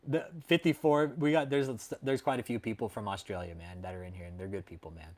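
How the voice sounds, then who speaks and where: A man's voice: lowish voice, steady tone, quick pace, a little mellow. A man from Texas, hosting a livestream and chatting casually with viewers, swearing a lot, calling everyone dude and man, and often laughing at his own jokes. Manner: profane and laid-back, calls people dude and man. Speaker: livestream host.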